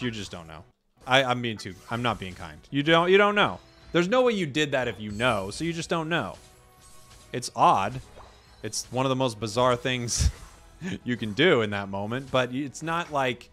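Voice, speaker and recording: A man giving casual, joking commentary while playing a video game, ranting at teammates. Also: medium pitch. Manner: joking, animated, rants at teammates. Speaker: gaming streamer.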